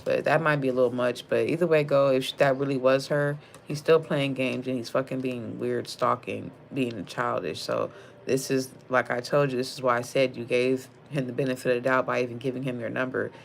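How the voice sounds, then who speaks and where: A woman's voice: very deep voice, steady tone, a little fast, creaky, slight background noise. A young woman giving a casual tarot reading, blunt and slangy with lots of profanity, calling the viewer sis. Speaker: tarot card reader.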